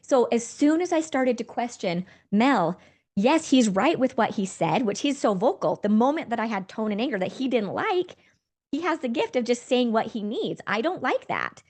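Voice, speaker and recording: A woman's voice: on the high side, sing-song, moderate pace, a little mellow. A woman in her forties, hosting a podcast, telling a personal story in a candid, conversational way. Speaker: podcast host.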